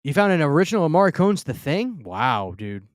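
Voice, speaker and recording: A man's voice: fairly high pitch, very animated, a little fast, no room sound, studio quality. A man from the Southern US hosting a casual live Q&A stream, reading viewer comments and stammering through restarts. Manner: chatty, stammers, reads viewer comments aloud. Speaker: livestream host. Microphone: close studio mic.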